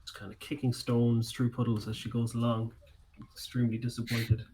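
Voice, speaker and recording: A man at the game table describing what his character does. He talks in a plain, matter-of-fact way at a middle pitch. A faint noise runs behind him. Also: little pitch movement, a little fast, mellow, poor audio. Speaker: player.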